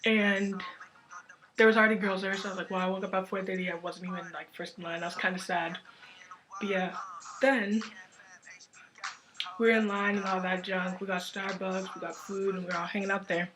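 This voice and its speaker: A young woman telling a story to her camera in a casual, rambling way, excitedly piling up "like" as she goes. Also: mid-range voice, fairly quick, long pauses, noisy background. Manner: excited, rambling, heavy use of filler "like". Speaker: vlogger.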